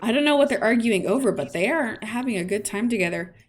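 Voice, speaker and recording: A woman streamer with a fairly high voice, chatting playfully through casual gameplay commentary, with fillers and small asides. Faint music plays behind her. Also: expressive, fast.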